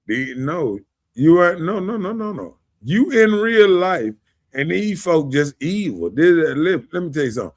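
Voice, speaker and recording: A man, hosting a podcast in casual opinion talk, animated, often asking "you know what I'm saying" and laughing. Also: on the high side, unhurried. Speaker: podcast host.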